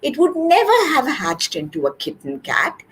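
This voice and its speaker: A woman voicing a kind, anxious male dog who talks gently and earnestly. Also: high-pitched, huge pitch swings, normal speed, a little hiss or hum, voice pushed up, full character voice. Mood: gentle.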